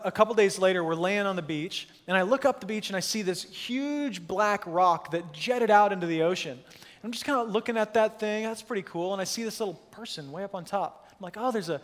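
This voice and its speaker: High-voiced man preaching in a reverberant hall. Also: fast. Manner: animated, self-mocking storyteller. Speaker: pastor. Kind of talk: sermon storytelling. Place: church hall.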